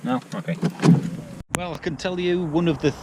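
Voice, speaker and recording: A man's voice: a little high, brisk. An English man chatting casually and jokily as a vlogger, outdoors by a car charger. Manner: chatty, jokey, laughs often. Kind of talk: casual vlog chat. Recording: noisy outdoor recording with traffic.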